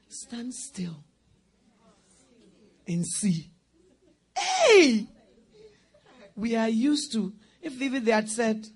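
A woman preaching a sermon, acting out scenes and swinging between loud outbursts and hushed whispers, often laughing as she speaks. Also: sits high.

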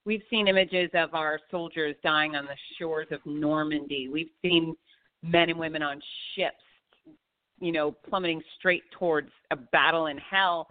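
A woman's voice: low-pitched, fairly even intonation, unhurried. A woman guest from Florida, talking fitness in a live interview, blunt and emphatic. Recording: dry, tinny phone-like line.

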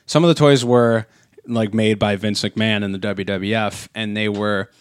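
A man's voice: lowish voice, fairly even intonation, normal speed, clean tone, dry recording. A man co-hosting a podcast in casual chat, rambling with many fillers and restarts on a close mic. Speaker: podcast co-host.

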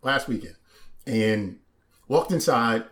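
A man's voice: medium pitch, lively intonation, slow, a bit bright. A young man co-hosting a casual chat, joking in a slangy, mock-serious way. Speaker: podcast co-host.

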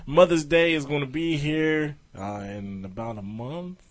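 A man's voice: on the high side, a little slow. A man co-hosting a podcast, trading jokes in casual chat and laughing as he talks. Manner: laughing, mock-quizzing voice. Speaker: podcast co-host.

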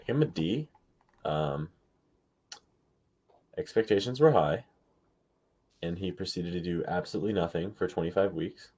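A man's voice: sits low, a little slow, long pauses, a little mellow, breathy edge. A man co-hosting a casual sports podcast over a call, sarcastic and joking in a mock-exasperated way. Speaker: podcast co-host.

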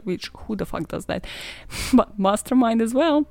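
A woman's voice: on the high side, expressive, a little slow, gravelly, a little mellow, no room sound. A woman hosting a podcast, telling a true-crime story in a casual, sarcastic way, swearing and laughing often. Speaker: podcast host.

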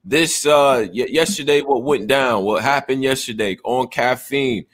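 A man's voice: medium pitch, measured pace, fairly bright tone. Laid-back man hosting a chat stream. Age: middle-aged. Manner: loose slangy banter, frequent "you know what I mean". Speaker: stream host.

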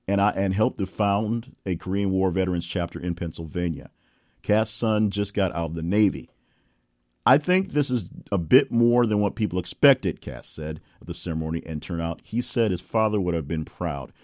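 A man's voice: on the low side, darkish tone, no echo, studio quality. A male podcast host reading news headlines and adding wry, playful asides. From Southern US.

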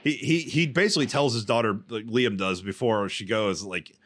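A man co-hosts a casual movie-watch podcast, making crude remarks and wandering through his points with halting restarts. His voice sits on the low side. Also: a bit bright. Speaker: podcast co-host. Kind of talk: casual chat over a movie.

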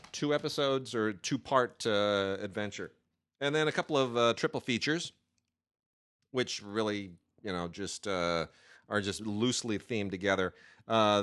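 A man with a voice a little on the low side talks casually about new home video releases. His delivery is chatty and rambling, often stopping for filler sounds before he finds his point. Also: fairly bright tone. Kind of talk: casual chat.

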